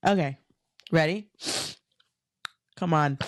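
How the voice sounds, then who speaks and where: Low-voiced, frank woman podcaster. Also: slow, dry recording, studio quality. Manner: frank, profane, emotional and reassuring. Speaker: podcast host. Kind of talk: candid solo podcast talk. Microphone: talking into her camera.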